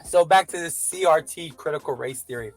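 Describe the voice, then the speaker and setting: A man's voice: on the high side, fairly quick, soft background music. A man vlogging a casual opinion rant, rambling and profane, with frequent self-doubting asides.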